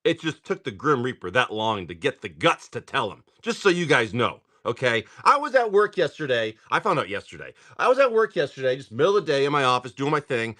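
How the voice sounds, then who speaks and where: A man hosting a live card-break stream, just woken up and clearing his throat, chatting in a rambling way while rattling off card names. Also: medium pitch, big pitch swings, fairly quick, few pauses, pushed and bright. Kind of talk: casual livestream chatter.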